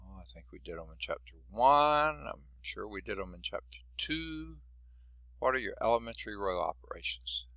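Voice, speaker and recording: Male math instructor, folksy lecture delivery, gravelly and bright, dry sound. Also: fairly low pitch, lively intonation, normal speed, dry recording. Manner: folksy, chatty, asks the class questions. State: losing his voice. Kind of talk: classroom lecture.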